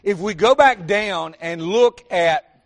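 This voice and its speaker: A man preaching in a Southern accent, his voice sitting high for a man. He teaches in a folksy, homespun way, throwing questions at the congregation and calling them "y'all." He sounds middle-aged. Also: slow. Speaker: pastor. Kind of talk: sermon.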